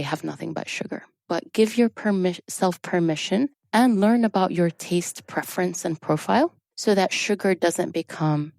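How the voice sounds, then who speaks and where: Lively, lower-voiced woman explaining. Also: gravelly, no room sound, studio quality. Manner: expressive, explaining with animated emphasis. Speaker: drama therapist guest. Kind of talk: conversational podcast interview.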